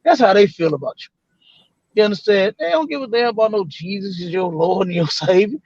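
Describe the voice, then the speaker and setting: A man, a guest on the show, telling a story in a loose, animated way, acting out other people's lines and swearing freely. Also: high voice, a little fast, dry recording, lo-fi sound. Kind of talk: casual storytelling.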